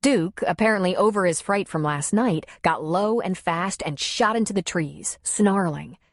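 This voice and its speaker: In studio-quality audio with no room sound, a lowish-voiced woman reads a novel aloud for an audiobook. Her scripted narration is measured and even.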